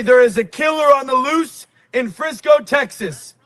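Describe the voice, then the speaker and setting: A man's voice: extremely high pitch, unhurried, fairly bright tone, dry recording. A man speaking at a protest, declaiming and insistent. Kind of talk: rally speech.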